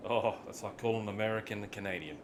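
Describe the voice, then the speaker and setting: A man's voice: fairly low pitch, fast, background noise. A man with an Australian accent, chatting casually while streaming a city-building game and drifting into rambling stories full of slang. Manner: relaxed, rambling storyteller with slang. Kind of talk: casual live-stream commentary.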